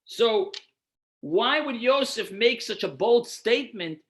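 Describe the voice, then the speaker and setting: Slow, lively rabbi teaching a text class. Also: male voice, extremely high pitch. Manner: poses rhetorical questions, then answers them; guides listeners through numbered source texts. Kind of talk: explanatory lecture.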